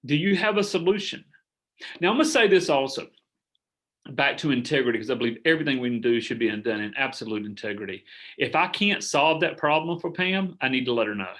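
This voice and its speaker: A middle-aged man coaching a group over a video call, earnest and animated, acting out sample sales conversations. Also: medium pitch, a little fast. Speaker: business coach. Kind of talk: coaching workshop talk.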